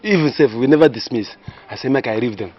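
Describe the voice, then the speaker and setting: An actor with a Nigerian Pidgin accent playing an apologetic husband who sweet-talks after coming home late. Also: male voice, mid-range voice, quick pace, highs cut off, a little hiss or hum, natural voice. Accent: Nigerian Pidgin English.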